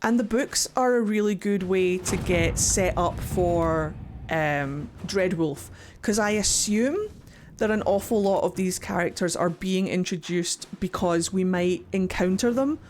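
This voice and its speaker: A young woman streaming a video game live, talking excitably to chat and swearing freely as she rants. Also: medium pitch, slow, a little hiss or hum. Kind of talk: live gameplay commentary.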